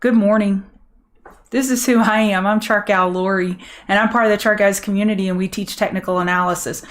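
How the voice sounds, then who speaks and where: Hosting a live market commentary stream as a trading show host, this middle-aged Louisiana woman speaks with a Southern accent at a brisk clip. Her voice is medium in pitch with fairly even intonation, and she keeps things chatty and upbeat, answering viewers by name.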